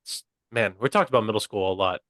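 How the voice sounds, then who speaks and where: A man's voice: lowish voice, fast talker, no room sound, studio quality. Young man telling a story dryly. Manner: animated, quotes people in put-on voices, laughs often. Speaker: podcast co-host. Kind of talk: casual comedic storytelling. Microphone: video call.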